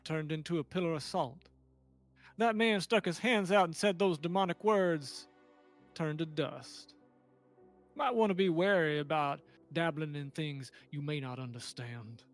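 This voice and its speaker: A man's voice: fairly high pitch, measured pace, soft background music, natural voice. A man playing a rambling, crazed homeless prophet. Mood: preachy warning. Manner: preachy, rambling, unhinged. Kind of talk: in-character tabletop role-play.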